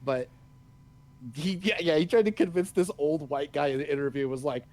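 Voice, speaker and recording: A podcast co-host with a fairly high, slightly mellow voice chats casually at a normal pace. He rants profanely, swearing a lot and laughing often.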